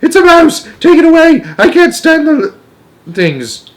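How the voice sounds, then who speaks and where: A man's voice: fairly high pitch, big pitch swings, fast talker, voice pushed up. A man voicing a prim, easily horrified middle-aged woman who shrieks and talks down to people, in a storybook reading. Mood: shrieking. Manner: shrieking, haughty.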